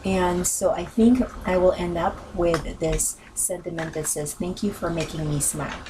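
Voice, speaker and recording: A woman's voice: on the low side, fairly even intonation, moderate pace, far from the mic, noisy background. A woman narrating a crafting video in a casual voice-over, rambling with many ums and self-corrections, her voice worn from talking. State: losing her voice.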